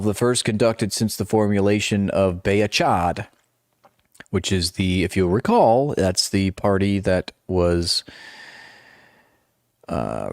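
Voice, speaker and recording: A man's voice: deep voice, a little mellow, dry recording, clean studio sound. A man running a live-stream commentary, reading articles aloud and breaking off into sarcastic, mocking asides.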